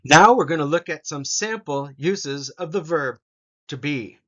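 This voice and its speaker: A man teaching an English grammar lesson, reading example sentences slowly and deliberately so learners can repeat after him. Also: a little high, expressive, fairly bright tone, lo-fi sound.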